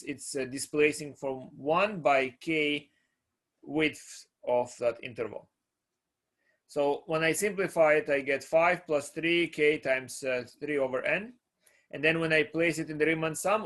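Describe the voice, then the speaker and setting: A man's voice: a little high, fairly bright tone. A middle-aged man from Russia giving a calculus lecture in a conversational way, often checking that students follow. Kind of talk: classroom lecture.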